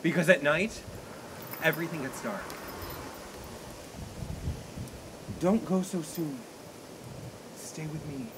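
A brooding young playwright, bitter and lovesick, who speaks with intensity, as a man plays him on an open-air stage. His voice sits fairly high for a man. Faint outdoor ambience drifts behind him. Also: unhurried, background noise, close to an everyday voice. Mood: pleading. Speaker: stage actor. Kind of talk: outdoor stage play performance.

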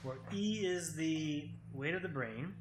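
A man co-hosting a casual chat over a card game, explaining things at length with nerdy excitement. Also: fairly high pitch, slow pace, echoey room, a little hiss or hum, low-quality recording. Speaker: podcast co-host.

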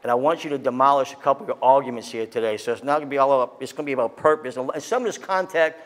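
A pastor delivers a sermon in a very fast, medium-pitched male voice. His preaching is impassioned and excitable, rising to loud peaks and then dropping to quiet scripture reading.

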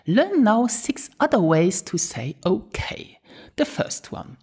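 A woman with a breathy voice teaches a podcast language lesson and takes her time over each phrase. Her pitch sits a little low but swings widely as she repeats words for learners to copy. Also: very animated, a little mellow. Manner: slow, careful drills of words and phrases. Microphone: podcast microphone.

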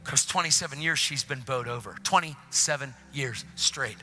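A male preacher telling a lively story in his sermon and acting out the people in it. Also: medium pitch, moderate pace. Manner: animated, acts out voices. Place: church.

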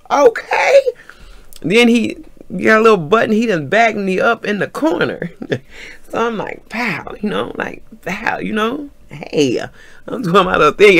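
A middle-aged woman, telling a story in an animated vlog storytime, acting out what people said and laughing often. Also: mid-range voice, gravelly. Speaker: vlogger.

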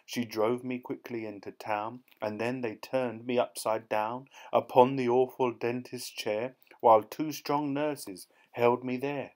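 Male audiobook narrator, lively rhythmic verse reading, medium pitch. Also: a little slow, few pauses. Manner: lively, bouncy rhythmic reading with voiced quotes. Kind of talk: reading rhyming verse aloud.

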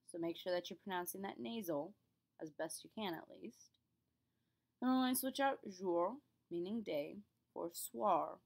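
A young woman teaches a class in a clear, patient voice. She explains each point step by step and speaks the examples aloud for her students. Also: medium pitch, darkish tone. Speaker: French teacher. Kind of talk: classroom lesson.

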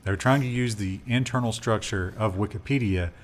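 A man's voice: on the low side, a little fast. A man co-hosting a casual tech news show, joking and chatting with fillers. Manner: lively, joking, trails off with fillers.

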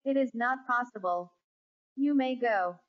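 A woman voicing an indignant gentleman passenger who scolds sternly. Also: fairly high pitch, measured pace, close to an everyday voice. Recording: dull lo-fi recording.

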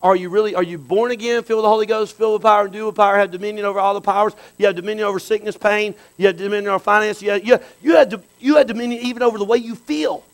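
A man preaching a sermon in a conversational way, dropping to low asides and then bursting into loud exclamations. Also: fairly even intonation, very fast, hardly any pauses, poor audio. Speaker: pastor.

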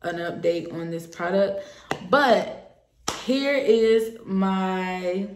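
A woman's voice: medium pitch, extremely slow, background noise. Woman vlogger, candid and personal, talks to camera in a roomy space. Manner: earnest, personal, hopeful. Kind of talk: casual talk to camera. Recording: echoey room.

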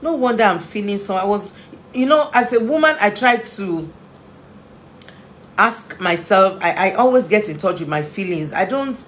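With a medium pitch, lively intonation, and a moderate pace, a woman speaks as a family therapist and inspirational speaker. Her parenting talk is earnest, emotional, and pleading, with phrases repeated for emphasis. A little hiss or hum is audible.

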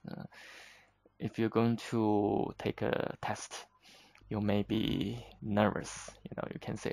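Slow, gravelly man teaching. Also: lowish voice, flat delivery, darkish tone, no echo, poor audio. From China. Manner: unhurried, patient, slips between English and Chinese with frequent fillers. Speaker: Chinese teacher. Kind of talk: explaining vocabulary in a lesson.

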